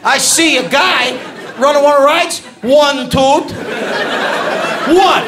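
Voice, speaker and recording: A man doing a stand-up comedy routine on a club stage, ranting, shouting punchlines and bantering with the crowd. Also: extremely high pitch, slow, background noise. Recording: live club with loud audience laughter. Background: crowd laughing.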